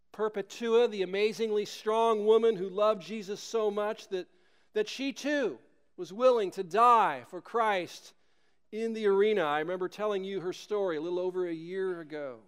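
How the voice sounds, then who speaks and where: Pastor, male, emphatic sermon with rhetorical questions; clear, resonant tone. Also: sits high.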